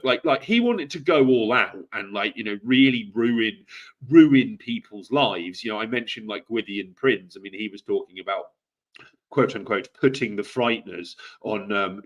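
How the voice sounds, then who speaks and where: A man talks through a political podcast in a halting, casual way. He stops often with fillers and restarts his sentences. His voice sits at a middling pitch. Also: a bit bright. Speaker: podcast co-host.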